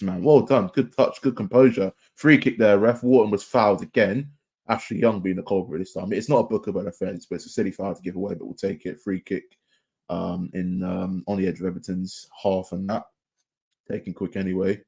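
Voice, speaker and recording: A young man hosting a live football watchalong as a fan, chatty and excitable, shouting at the players. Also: deep voice, gravelly, slightly rough. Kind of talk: live match watchalong commentary.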